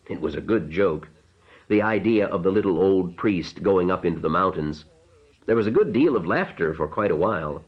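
Deep-voiced man narrating an audiobook. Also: lively intonation, moderate pace, breathy edge, muffled recording.

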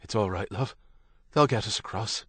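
A man reading an audiobook, voicing a calm, steady husband who gives firm, reassuring instructions. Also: fairly low pitch, normal speed, husky, no room sound. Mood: urgent. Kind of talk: audiobook character voice.

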